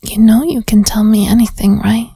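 A woman voicing a flirty, menacing female detective in whispered role-play, with a hoarse sick voice and a New York–New Jersey-ish accent. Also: mid-range voice, steady tone, normal speed, warm tone, dry recording. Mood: coaxing. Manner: coaxing, teasing threats.

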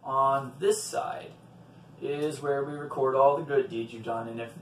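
A man voicing Saint Peter as a stern old gatekeeper, speaking quietly and slowly. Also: medium pitch, steady tone, slight background noise, close to an everyday voice. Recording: roomy, from a distant mic.

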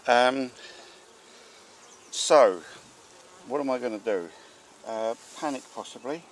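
A man, a beekeeper chatting casually as he works a hive outdoors and talks to his bees, breaking into excited exclamations. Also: medium pitch, takes it slowly, a little hiss or hum. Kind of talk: casual narration while working a hive. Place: outdoors at a beehive. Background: buzzing bees.

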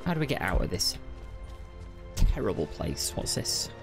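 A man's voice: low-pitched, very animated, moderate pace, over music. A man giving casual, wry let's-play commentary and chatting to the game. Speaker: gaming video host.

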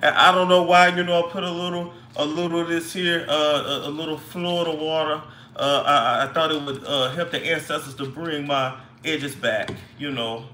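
Bright, rambling hair-glue woman played by a coughing man in a roomy space, leans on "baby". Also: on the high side, fairly even intonation, slight background noise. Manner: rambling, drawn-out "baby" and "you know". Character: ditzy woman who glued her hair, rambling. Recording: echoey room.

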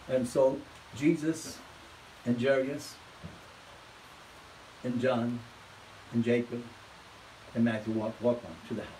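Fired-up preacher guy, goes quiet then loud, kinda far off the mic with faint hiss. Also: steady tone, slow pace, pauses often. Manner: fervent preaching, swinging from low hushed storytelling to loud exhortation. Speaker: pastor. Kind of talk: sermon.

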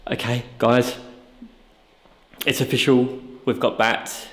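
A man's voice: mid-range voice, little pitch movement, slow pace. Nervous guy ghost hunting in an old hospital basement, jumpy, echo all around. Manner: jittery, easily spooked. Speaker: paranormal investigator. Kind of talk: casual vlog narration. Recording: echoey room.

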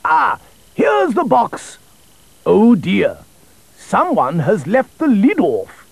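A man voicing a kindly, fussing storybook king for a children's story, speaking slowly and gently. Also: sits high, huge pitch swings, gravelly, breathy edge, no room sound, voice pushed up, exaggerated voice. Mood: gentle.

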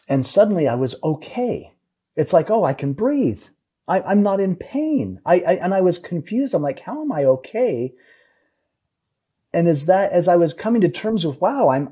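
A middle-aged man, a podcast guest, telling an emotional personal story in a halting way, often repeating words. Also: mid-range voice, dark tone, breathy edge.

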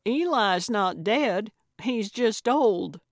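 A woman voicing an elderly, bossy woman sleuth in an audiobook, speaking loudly in slow, emphatic declarations. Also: medium pitch, expressive, no room sound, clean studio sound, voice pushed up. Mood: insistent. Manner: loud, emphatic, deliberate declarations. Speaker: audiobook character.

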